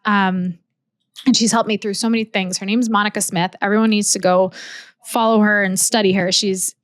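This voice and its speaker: A woman's voice: mid-range voice, steady tone, normal speed, no room sound. A woman guest on an interview podcast, talking candidly and energetically, acting out quoted exchanges as she tells stories. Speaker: podcast guest, business mentor. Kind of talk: casual interview chat.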